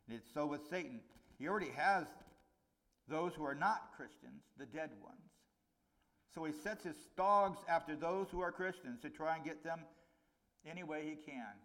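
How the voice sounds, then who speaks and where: Higher-voiced man preaching a sermon. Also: moderate pace, fairly bright tone. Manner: conversational preaching, voice rising on punchlines and falling low on warnings. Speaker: pastor.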